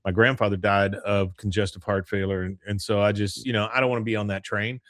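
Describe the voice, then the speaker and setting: A man hosting a podcast, chatting casually about a cartoon episode and reading its lines aloud in quick put-on voices. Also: lowish voice, flat delivery, a bit bright, no room sound, clean studio sound. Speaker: podcast host. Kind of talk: casual chat recapping an episode.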